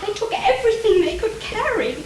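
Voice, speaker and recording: An actress playing a frantic, exasperated wife who has just been burgled, sarcastic and indignant, on a live stage. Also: female voice, very high voice, very animated, brisk. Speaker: stage actor. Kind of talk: live amateur stage comedy. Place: theatre stage. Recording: echoey hall, noisy audience recording.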